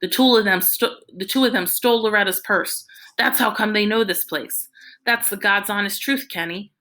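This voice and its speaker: A woman voicing a nervous, jittery bearded man who talks fast and pleads. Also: mid-range voice, pushed and bright.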